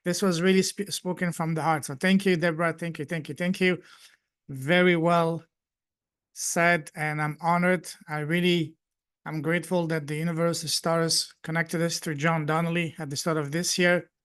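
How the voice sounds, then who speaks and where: A man with a notably high voice who hosts a group call. He gushes with gratitude and stacks his thank-yous one on another. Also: little pitch movement, normal speed, fairly bright tone, clean tone. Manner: effusive, grateful, repeats thanks. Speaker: host and coach. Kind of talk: live group call hosting.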